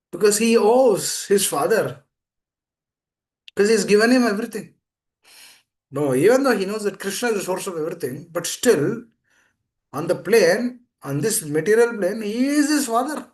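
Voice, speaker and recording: A man's voice: high-pitched, big pitch swings, normal speed, long pauses. A man giving a scripture class, emphatic and repetitive, speaking over a video call. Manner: repetitive, emphatic, pleading "please understand". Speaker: preacher.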